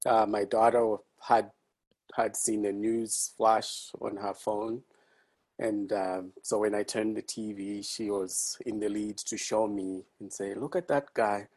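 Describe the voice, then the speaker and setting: A man, a podcast guest and a father, speaking in a measured, thoughtful way, with some hesitations. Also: on the low side, steady tone, a little mellow, low-quality recording. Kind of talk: reflective conversation.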